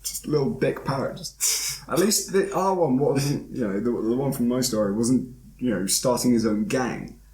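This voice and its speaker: A laid-back man with a mid-pitched voice chats casually and swears freely. He is recorded in a roomy, echoing space. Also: normal speed, a little mellow. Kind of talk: casual chat. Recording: roomy echo.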